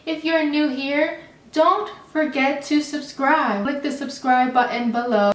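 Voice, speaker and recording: A woman's voice: on the high side, far from the mic. Chatty young woman vlogging in an echoey room. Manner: chatty, filler-heavy, animated retelling. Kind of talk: casual storytime vlog. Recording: echoey room, set back from the mic.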